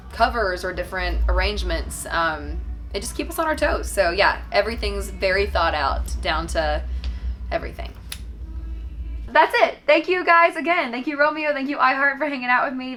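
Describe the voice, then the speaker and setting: A woman from Tennessee chats through fan questions in a casual Q&A. Her voice is bright and sharp-edged, at a middle pitch for a woman. She talks in an upbeat, loose way, with lots of "um" and "like" between thoughts. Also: slight background noise. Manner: chatty and upbeat, many fillers like "um" and "like". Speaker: singer answering fan questions.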